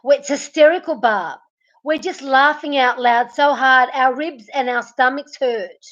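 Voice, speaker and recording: Brief: high-voiced woman, slow and giggly live stream host, muffled lo-fi audio. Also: a bit bright. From Melbourne, Australia. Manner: giggly, teasing, talks to chatters by name. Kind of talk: casual live stream chat, reading viewer comments.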